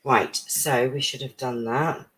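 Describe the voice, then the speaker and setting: A woman chatting through a craft live stream at her home desk, a little croaky and out of breath, with lots of ums. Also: a bass voice, steady tone, takes it slowly, a bit bright, poor audio. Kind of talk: casual craft chat.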